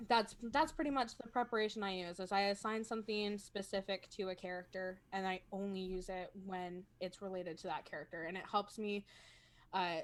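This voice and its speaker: A woman talking casually as a role-playing game player on a video call, chatty and self-conscious, laughing often. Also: mid-range voice. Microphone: home streaming microphone.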